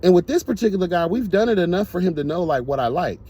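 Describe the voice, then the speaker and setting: A man's voice: high-pitched, lively intonation, fast, mellow, husky. A man telling a casual storytime monologue to his viewers, blunt, profane and emphatic. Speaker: storyteller vlogger.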